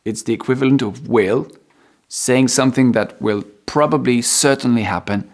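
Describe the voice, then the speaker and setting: A French-speaking man teaches English in a loose, unhurried video lesson, pausing often on ums and restarting his sentences. When he acts out example phrases, his voice jumps up high before settling back down. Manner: relaxed, hesitant with frequent ums and restarts.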